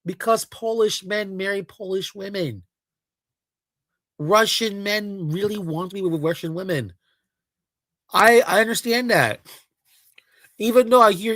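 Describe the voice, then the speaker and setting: A man's voice: sits high, a bit bright, no echo, studio quality. Heated man ranting on a livestream. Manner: heated, profane, talks back to chat. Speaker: livestream host.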